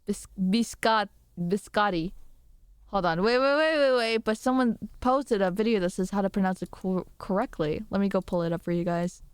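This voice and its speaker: A woman's voice: mid-range voice, brisk, few pauses, clean tone, no echo, clean studio sound. A young woman streamer chatting casually with her viewers, rambling, giggly and self-deprecating.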